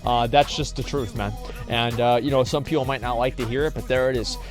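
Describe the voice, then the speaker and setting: A man streaming live, chatting casually and rambling through a profane, animated story while reading donations. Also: medium pitch, brisk. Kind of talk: casual livestream chat. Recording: faint music behind voice.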